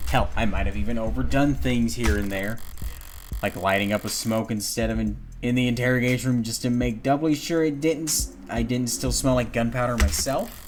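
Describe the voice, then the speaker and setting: A man's voice: mid-range voice, natural voice. A man voicing a smug, cold-blooded killer. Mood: smug, calculating. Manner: smug, measured inner monologue. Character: cold, calculating male killer narrator. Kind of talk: reading a game's dialogue aloud.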